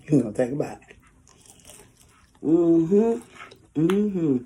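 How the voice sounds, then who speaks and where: A woman's voice: low voice, expressive, very slow, dark tone, a little hiss or hum. A woman talking casually to her viewers in an eating vlog, chatty and folksy, chewing while she talks. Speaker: food vlogger.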